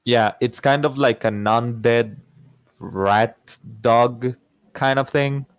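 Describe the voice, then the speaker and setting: A man's voice: medium pitch, slow, clean tone, no room sound. A man playing in an online tabletop game, chatting playfully and laughing often. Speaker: player. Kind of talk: casual role-play chat.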